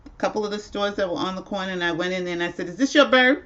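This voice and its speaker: A woman's voice: lowish voice, level tone, racing, a bit bright, highs cut off. A woman hosting a casual livestream at home, telling a rambling story with frequent laughs. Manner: chatty, rambling, laughs often. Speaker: livestream host.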